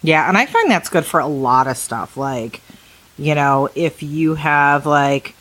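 A woman's voice: sits low, expressive, measured pace, fairly bright tone, poor audio. A woman hosting a podcast, asking curious, prompting questions in casual chat. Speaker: podcast host.

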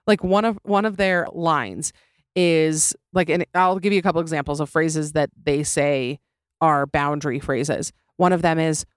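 A woman's voice: sits low, steady tone, measured pace, clear, resonant tone, no room sound. A young woman hosting a comedy podcast, talking in an opinionated, sarcastic way and laughing easily, recorded close in a small room. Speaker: podcast host. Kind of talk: casual comedic podcast monologue.

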